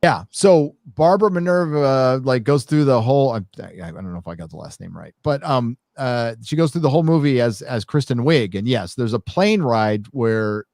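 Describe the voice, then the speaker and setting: A man's voice: medium pitch, lively intonation, moderate pace, hardly any pauses, darkish tone, dry recording, studio quality. A man co-hosting a casual podcast movie review, rambling with lots of fillers and restarts. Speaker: show co-host.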